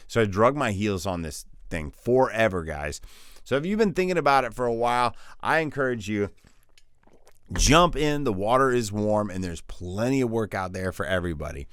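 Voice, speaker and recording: A man's voice: on the low side, expressive, normal speed, a bit bright, no echo, clean studio sound. A male voiceover coach giving a casual online tutorial, upbeat and slangy, joking as he talks straight to the viewer.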